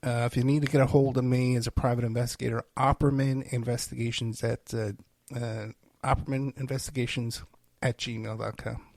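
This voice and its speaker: A man's voice: mid-range voice, level tone, fairly quick, vocal fry, darkish tone, dry recording. A male podcast host talking alone on his show, rambling and self-deprecating with many fillers, and tired and unwell. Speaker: podcast host and private investigator. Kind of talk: rambling solo podcast talk.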